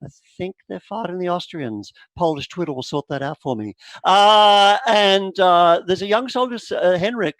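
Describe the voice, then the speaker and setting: A man narrating as game master of a tabletop horror game, animated and full of quick asides. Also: sits high, dry recording. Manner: animated, lots of fillers and asides.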